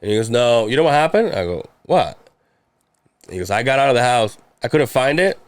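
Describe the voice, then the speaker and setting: A man's voice: mid-range voice, fairly quick, no room sound. Profane rambling man telling a story. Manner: rambling, profane, quotes people in animated voices. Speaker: podcast guest telling a story. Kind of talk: casual storytelling chat.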